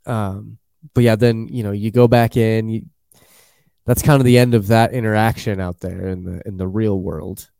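A man's voice: fairly low pitch, little pitch movement, moderate pace, creaky, dark tone, smooth, no room sound, clean studio sound. A man chatting casually as a podcast host, rambling and acting out quotes in jokey voices. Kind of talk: casual chat.

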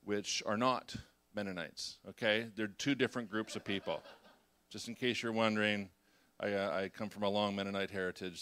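A middle-aged man preaching a sermon, animated and acting out the voices of the people in his story. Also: mid-range voice. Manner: animated, acts out voices of God and Gideon. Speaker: pastor.

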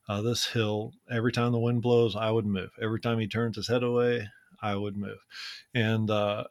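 A man's voice: fairly low pitch, dry recording. Man telling a story, dry close sound. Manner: relaxed, conversational, frequent "man" and "uh". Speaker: podcast co-host. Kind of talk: casual storytelling.

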